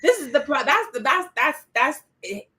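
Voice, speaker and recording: A woman hosting a casual panel discussion, animated and expressive, acting out quoted exchanges as she talks. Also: sits high, moderate pace. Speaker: podcast host.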